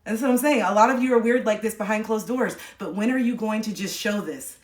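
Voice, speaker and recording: A woman's voice: mid-range voice, quick pace. Candid, emphatic woman in an echoey room. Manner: candid, emphatic, swears freely. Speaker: livestream host. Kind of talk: motivational live chat.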